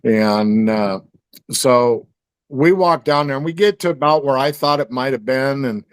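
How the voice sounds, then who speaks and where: A man telling a story in a loose, rambling way, full of fillers and restarts. His voice is close and dry, with no room sound. His pitch sits in the middle. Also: a little slow, clear, resonant tone, no room sound. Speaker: guest. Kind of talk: storytelling in casual conversation.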